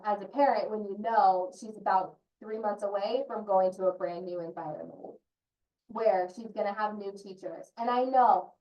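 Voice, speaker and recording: This early childhood consultant speaks as a parent in an online training, in an earnest, personal way. Her pitch is medium, and the muffled recording carries a roomy echo because the mic is far away.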